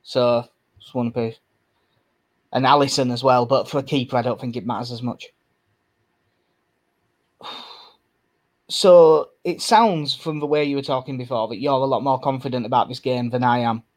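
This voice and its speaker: A man with a mid-range voice chats about football on a podcast. He is relaxed and talkative, laughs easily and swears in passing. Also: medium pitch, normal speed, pauses often. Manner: chatty, laughs often, swears casually. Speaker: podcast co-host. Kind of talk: casual football chat.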